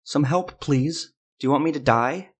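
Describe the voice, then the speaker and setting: A man's voice: fairly high pitch, a little slow, slightly rough, voice pushed up. A man voicing a young woman fighter in an audiobook, speaking in a strained, raised voice. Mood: urgent.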